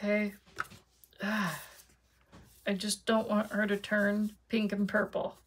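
A woman's voice: medium pitch, completely flat delivery, slow pace, husky. A woman chatting casually to her viewers while she demonstrates card making at her craft desk.

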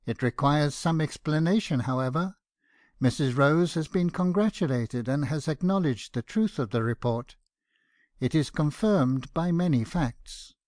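A man's voice: on the high side, lively intonation, a little slow, a little mellow, dry recording, clean studio sound. A man reading an audiobook and voicing a stern, indignant middle-aged father with a severe, accusing manner. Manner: severe, accusing, rising to outbursts. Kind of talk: audiobook character voice.

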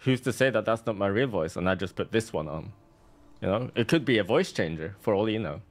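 A man's voice: on the low side, lively intonation, fairly quick. A man streaming a game, giving casual, sarcastic commentary with a salty edge.

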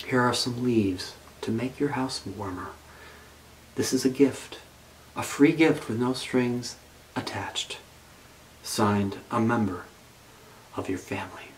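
A man voicing a small, lonely male bunny who speaks softly and sadly. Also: mid-range voice, takes it slowly, pauses often, slight background noise, close to an everyday voice, poor audio. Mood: kind.

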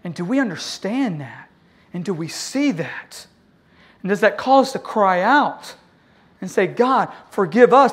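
An impassioned pastor in the middle of a sermon, who calls out to the congregation for amens. The delivery swings from loud, pleading cries to quiet, low tones. The pitch sits in a middle range. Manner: call-and-response with the congregation.

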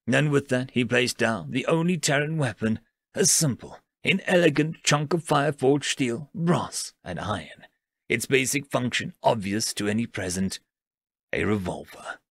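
A male storyteller reads a space tale with a lively, sweeping delivery. His voice is gravelly and a little high, recorded close and dry. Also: no room sound. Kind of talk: scripted narration.

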